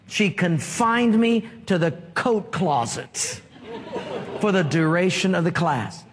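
A man's voice: high-pitched, takes it slowly, a crowd in the background. A man preaching a sermon as pastor, telling stories and asking the congregation questions. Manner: storytelling, asks the congregation questions. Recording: long reverb of a large hall.

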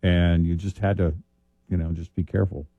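Deep, mellow man from Texas. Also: little pitch movement, normal speed, dry recording, highs cut off. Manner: easygoing, many short agreements. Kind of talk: casual chat.

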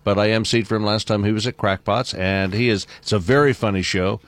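A man co-hosting a morning radio show, telling stories in a casual, halting way with many restarts. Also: fairly low pitch, fairly even intonation, dry recording. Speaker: radio co-host and comedy club emcee.

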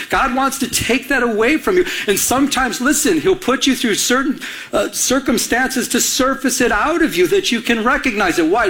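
A middle-aged man from Michigan preaching, with a fairly high voice for a man. He tells stories with real animation, jumping up in pitch when he acts out what he said, then dropping low and quiet for serious moments. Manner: animated storytelling, acts out his own quoted lines with big pitch jumps. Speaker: pastor. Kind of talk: sermon.

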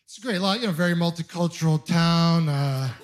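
A man in his thirties from Ontario doing a stand-up set, telling animated self-deprecating stories and acting out other people's voices. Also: fairly high pitch, fairly quick, some chatter behind. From Ontario, Canada. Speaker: stand-up comedian. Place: comedy club with a laughing audience.

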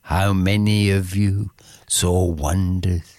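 A man reciting verse slowly and dramatically, sometimes dropping to a whisper. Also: mid-range voice, clear, resonant tone, no echo, studio quality. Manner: intense, declamatory, with sudden whispered passages. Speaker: poetry reciter. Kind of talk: slow dramatic poetry recitation.

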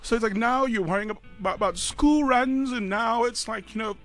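A high-voiced South African man in his thirties talks on breakfast radio in a halting way, sighing often and close to tears. Soft music sits faintly beneath him. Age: 30s. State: choked up. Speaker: radio co-host. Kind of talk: emotional radio chat.

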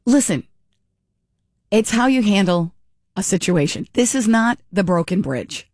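A middle-aged woman hosting a talk show, giving animated, exasperated commentary with many restarts and mock quotes. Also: medium pitch, unhurried, no room sound, studio quality. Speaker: talk radio host. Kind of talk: opinionated casual commentary.

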